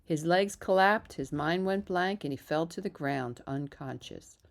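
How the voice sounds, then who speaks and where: A woman reading a children's novel aloud in a steady, even narrating voice, with a few small slips. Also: low voice, unhurried. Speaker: reader. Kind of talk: storybook read-aloud.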